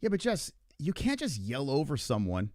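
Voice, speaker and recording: A man's voice: medium pitch, huge pitch swings, moderate pace, a little mellow, dry recording, clean studio sound. A young man hosting a casual livestream chat, rambling and exasperated, swearing often as he asks why everyone gets so angry. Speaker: podcast host.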